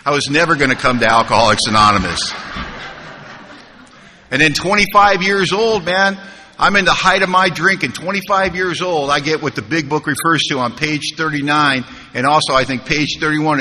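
Male speaker, wry storyteller at a podium, lively asides to the crowd; large hall reverb with faint noise. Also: a little high, normal speed. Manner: humorous, conversational, asks the room rhetorical questions. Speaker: recovery meeting speaker. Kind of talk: storytelling talk at a recovery convention.

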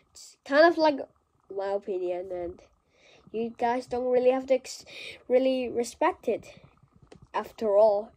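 A woman's voice: fairly high pitch, dark tone. A woman giving rambling, self-mocking commentary while playing a game at a small desk at home. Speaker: gameplay vlogger. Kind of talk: casual gameplay commentary.

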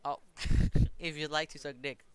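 A young man chatting casually while playing a game with a friend, excitable, swearing freely and breaking into laughter. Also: a little high, measured pace, smooth. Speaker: gamer streaming with a friend. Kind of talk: casual gaming chat.

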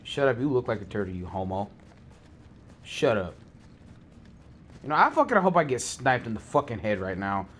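A man's voice: medium pitch, very animated, moderate pace, pauses often, a bit bright, a little hiss or hum. A young man ranting furiously while gaming, swearing and snapping at teammates, sweaty and worked up. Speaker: gamer streaming gameplay. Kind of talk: angry gaming rant.

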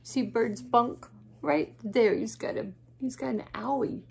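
A teacher reading a picture book aloud to children, gentle and soothing with whispery asides. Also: female voice, a little high, measured pace, gravelly, slight background noise.

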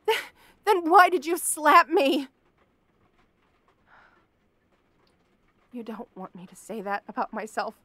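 A woman's voice: mid-range voice, steady tone, fairly quick, no room sound, close to an everyday voice. A young woman acting a frightened captive in an audio drama, stammering and pleading. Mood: pleading, scared. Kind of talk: audio role-play.

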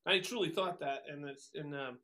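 A man, a drummer telling stories as a guest, animated and acting out the voices of people he quotes. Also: fairly high pitch, normal speed. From Long Island, New York. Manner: animated, acts out quoted voices, many fillers. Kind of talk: casual storytelling interview.

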